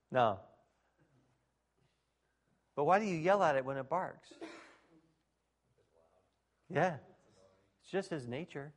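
A man preaching a sermon to his congregation in an animated, folksy way, with speech and shouted exclamations. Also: a little high, slow pace, long pauses. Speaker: pastor.

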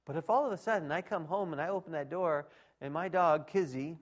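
A middle-aged man preaching a sermon, emphatic, dropping to quiet asides and rising to shouts. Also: on the high side, fairly quick. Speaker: pastor.

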